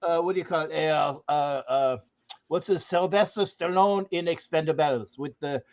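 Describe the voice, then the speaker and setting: A man's voice: on the high side, moderate pace. A man hosting a sports podcast, talking in a joking, boisterous way and breaking into song. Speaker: podcast host. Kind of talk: casual sports talk. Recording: dull lo-fi audio.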